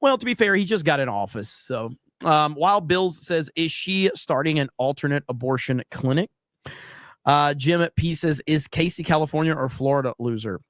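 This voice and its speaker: An American streamer reads viewers' comments aloud during a relaxed livestream, joking and using plenty of fillers. His voice is slightly high, expressive and a bit bright at normal speed, in studio-quality sound without echo.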